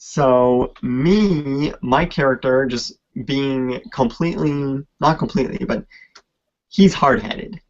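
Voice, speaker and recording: A man on a podcast telling a tabletop game story at a slow, halting pace, full of fillers, on a lo-fi recording. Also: mid-range voice, darkish tone. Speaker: podcast co-host.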